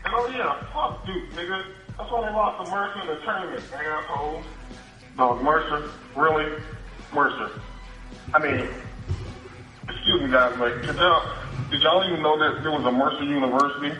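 A man's voice: fairly high pitch, moderate pace, bright, forceful tone. A man delivering a profane, mocking rant in a played-back clip. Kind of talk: ranting voicemail clip. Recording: roomy, dull played-back clip with faint music.

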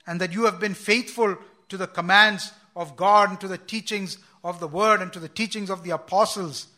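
A man's voice: sits high, pushed and bright. A man preaching a sermon, earnest and repeating words as he quotes scripture with emphasis.

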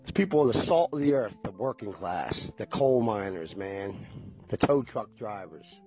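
Folksy rambling man, lively husky voice. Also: fairly low pitch, moderate pace, soft background music. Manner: folksy, chatty, talks straight to viewers. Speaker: vlogger. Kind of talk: rambling casual monologue.

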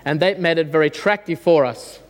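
A man in his forties telling an animated, self-mocking story to an audience. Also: a little high, brisk, long reverb tail. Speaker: speaker addressing an audience. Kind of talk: storytelling talk.

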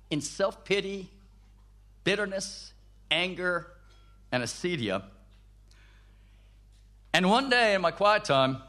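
Bright-voiced, animated man preaching. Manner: emphatic, dropping to soft low tones. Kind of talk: personal testimony sermon.

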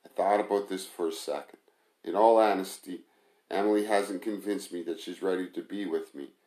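A man calmly reading a first-person story aloud as narrator, in an echoey room. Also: deep voice, normal speed. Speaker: audiobook narrator.

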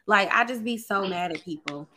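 A woman's voice: mid-range voice, expressive, moderate pace, over a noisy crowd. A young adult woman co-hosting a podcast, chatting casually, laid-back and profane, laughing often. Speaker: podcast co-host. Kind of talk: casual chat.

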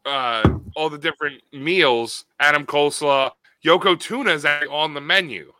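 Male co-host, higher voice, very bright and sharp, sarcastic and swings all over in pitch. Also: moderate pace, no room sound, rough recording. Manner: animated, sarcastic, profane. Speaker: podcast co-host. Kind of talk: casual chat.

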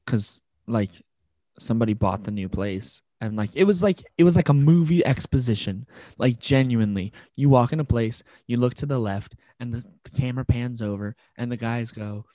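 A man's voice: mid-range voice, moderate pace, warm tone, no echo. A man co-hosting a podcast, telling stories in casual chat and filling his sentences with "like". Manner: rambling storyteller, lots of "like". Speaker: podcast co-host.

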